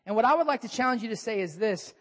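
A man preaching a sermon as a pastor, animated, raising and dropping his voice for emphasis. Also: fast talker. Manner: animated, shifting pitch and volume for emphasis. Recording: long hall reverb.

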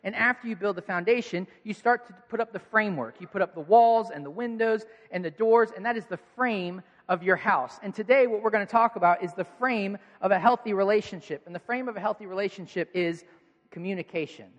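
High-voiced pastor preaching in a hall. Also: male voice, fairly quick, hardly any pauses. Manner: conversational preaching, earnest and animated. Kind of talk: sermon. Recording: reverberant hall.

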